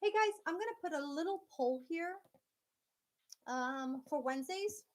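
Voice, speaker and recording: A woman's voice: high-pitched, animated, a little slow. A woman hosting a casual live stream from home, chatting directly with her viewers and laughing often.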